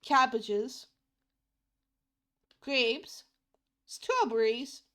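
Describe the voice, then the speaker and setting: Drawing on stream, a young non-native English speaker chats in a rambling way, repeats things, and swears casually. Her voice sits high and sing-song, drawing out words with a fairly bright tone.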